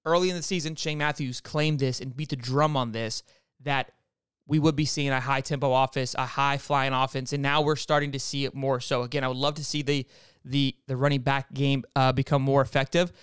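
Male fan-show host, casual football breakdown to viewers, restarts often, smooth voice, dry close recording. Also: medium pitch, fairly quick, no room sound. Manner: animated, frequent restarts, talks straight to viewers.

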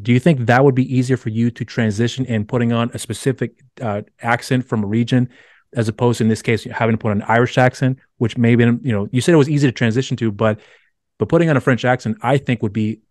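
A man's voice: medium pitch, darkish tone, no echo, clean studio sound. A man from the United States who grew up speaking Spanish, hosting a podcast and asking long, rambling questions with many restarts. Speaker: podcast host. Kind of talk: casual interview talk.

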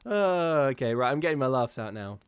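A man hosts a live ghost-story stream, reading aloud and chatting with viewers. He talks casually and rambles, often dissolving into giggles. His pitch sits in an ordinary middle range. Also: sing-song, fairly quick, clear, resonant tone, no room sound. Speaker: host reading ghost stories and chat.

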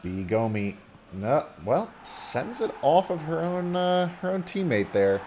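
A man casually commentating a video game football match play by play, getting loud when a goal goes in. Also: on the high side, measured pace, a little hiss or hum. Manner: casual, rising excitedly on goals.

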